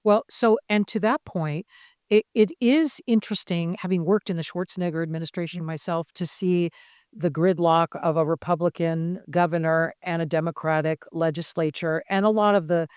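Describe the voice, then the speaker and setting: Brisk, joking woman moderating a panel. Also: on the low side, steady tone, a little mellow, smooth, no echo, clean studio sound. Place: conference stage.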